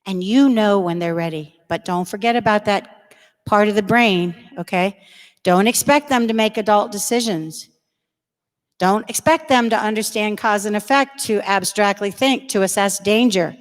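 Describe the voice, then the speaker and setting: A woman's voice: mid-range voice, normal speed. A woman giving an earnest, emphatic religious education talk to parents and teens in a church hall. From United States. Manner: earnest, emphatic, acts out kids' voices. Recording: long reverb of a large hall.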